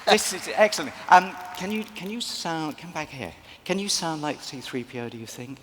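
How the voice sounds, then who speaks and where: A man's voice: fairly high pitch, normal speed, fairly bright tone. Playful man on a reverberant convention stage. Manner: playful, theatrical, laughing often. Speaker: panel guest coaching audience volunteers. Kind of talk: live stage banter. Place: large convention hall stage with a live audience. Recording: long hall reverb, crowd and noise.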